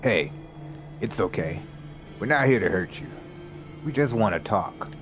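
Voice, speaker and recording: A man voicing a gravelly, streetwise male vampire who talks easily and calls people darling and honey. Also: fairly low pitch, lively intonation, unhurried, music in the background. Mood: soothing.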